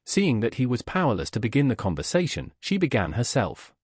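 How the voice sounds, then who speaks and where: A man narrating a classic novel as an audiobook in a measured storytelling manner. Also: mid-range voice, wildly swooping pitch, darkish tone, breathy edge, dry recording, studio quality. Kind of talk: scripted narration.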